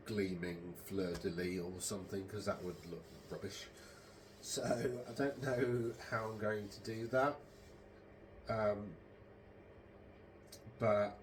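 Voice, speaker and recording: A podcast host with a lowish voice, recorded with a slight hiss or hum, talks through a casual, meandering monologue. He sounds hesitant, filling it with ums and self-corrections.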